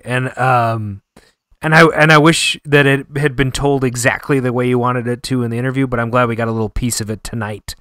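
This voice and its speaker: A man's voice: mid-range voice, sharp tone, no echo, studio quality. A man hosting a podcast, casual and encouraging, agreeing often and laughing easily. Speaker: podcast host. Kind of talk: casual radio podcast talk.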